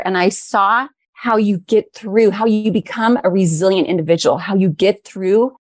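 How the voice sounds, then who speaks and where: A woman's voice: medium pitch, a little mellow, no room sound. A middle-aged woman talking earnestly and with feeling as an interview guest, a little emotional at times. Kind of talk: interview conversation.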